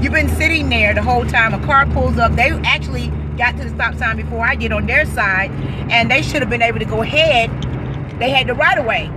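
A woman from New York City vlogging while driving, chatting playfully and upbeat and joking around in a casual way. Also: fairly high pitch. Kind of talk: casual chat. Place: in a car, out driving. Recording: distant mic with loud road noise.

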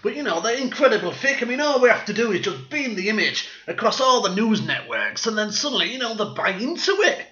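A man's voice: high-pitched, big pitch swings, fairly quick, few pauses, pushed and bright. A man delivering a sarcastic, swearing satirical rant. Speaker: vlogger. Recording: echoey room, dull lo-fi sound.

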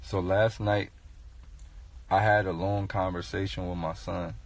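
A man's voice: deep voice, flat delivery, measured pace. A man talking to his viewers in a casual, profane, rambling way, telling a comic story with sudden raised outbursts.

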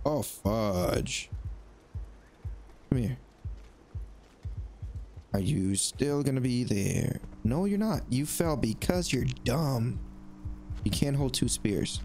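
A man giving excitable let's play commentary, talking to the creatures on screen as he plays. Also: fairly high pitch, normal speed, pauses often, faint music behind. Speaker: gaming YouTuber.

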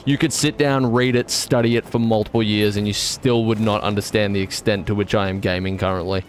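A young man streaming a video game live, commenting in an excitable, jokey and self-mocking way. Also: lowish voice, fairly quick, slight background noise.

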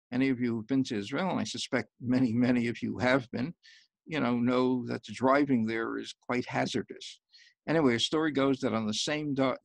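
A man's voice: medium pitch, creaky, no echo. A man, an author, giving an online talk about humor, telling joke after joke and acting out the lines of the characters. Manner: tells jokes in quoted voices, lively punchlines. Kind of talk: storytelling lecture with jokes. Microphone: close online talk mic.

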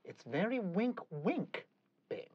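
A woman's voice: mid-range voice, big pitch swings, slow pace, breathy edge, no echo, dull audio, exaggerated voice. A woman directing a recording session, exasperated and correcting the singer again and again.

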